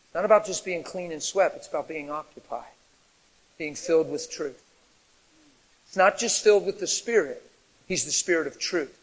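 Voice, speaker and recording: A man preaching a sermon in an animated way, rising to shouts at his peaks. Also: a little high, moderate pace, long pauses. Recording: long reverb of a large hall.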